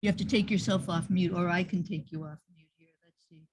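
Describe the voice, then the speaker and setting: A woman's voice: on the low side, fairly even intonation, brisk, background noise. A woman hosting an online workshop over a video call, praising participants effusively and often repeating her words. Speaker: workshop host and teacher. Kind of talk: encouraging group workshop feedback.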